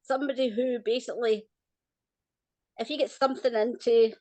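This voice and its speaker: A Scottish woman giving a gentle, reassuring psychic reading over a call, often smiling as she talks. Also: a little high, fairly even intonation, moderate pace, no echo. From Scotland. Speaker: psychic reader.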